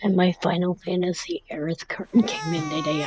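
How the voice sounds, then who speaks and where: A woman in her forties with a lowish, steady voice talks fairly quickly over background noise. Playing a game at home, she gives casual, chatty commentary, talking to the game characters and her dog.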